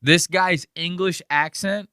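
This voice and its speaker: A man's voice: high voice, steady tone, slow pace, pushed and bright, smooth, no echo, studio quality. A man hosting a podcast in casual, rambling chat, swearing often and reacting to clips. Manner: profane, rambling, laughing asides. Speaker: podcast host.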